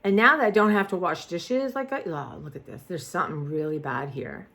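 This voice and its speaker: A woman's voice: on the low side, a little fast, fairly bright tone. A woman, vlogging in a rambling casual chat that trails off and restarts often.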